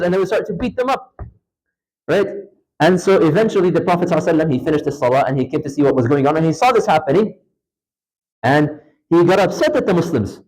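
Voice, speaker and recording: Animated male lecturer, higher voice. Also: fast, rough recording. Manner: animated, acts out dialogue with lifted pitch; casual phrasing with fillers and restarts. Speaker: Islamic lecturer. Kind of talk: storytelling lecture. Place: mosque.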